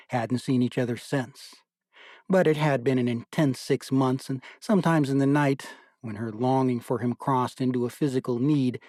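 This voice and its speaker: A man giving measured, scripted audiobook narration. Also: mid-range voice, dark tone, no echo, studio quality.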